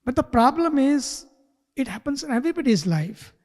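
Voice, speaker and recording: A man giving a spiritual talk who tells a story slowly and sometimes drops to a whisper. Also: extremely high pitch, sing-song, in a large hall. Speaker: spiritual teacher. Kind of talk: sermon with storytelling. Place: retreat hall.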